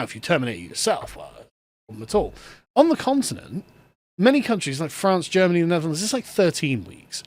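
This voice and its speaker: High-voiced sarcastic man ranting. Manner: sarcastic, ranting, laughs often. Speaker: political commentator. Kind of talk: solo political commentary.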